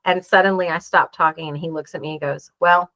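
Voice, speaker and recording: A woman in her forties speaks in a fairly low voice, earnestly recounting events and playing out each quoted exchange. The sound is dry and a little muffled, with a lo-fi dullness. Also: steady tone, fast talker, pushed and bright, no room sound. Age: 40s. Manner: earnest, acts out quoted dialogue. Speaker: interview guest. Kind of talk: emotional personal storytelling.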